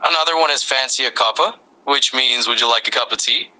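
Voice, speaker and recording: A man's voice: medium pitch, fairly quick, bright, forceful tone, poor audio. A male AI voice assistant acting as a friendly conversation partner, upbeat and reassuring.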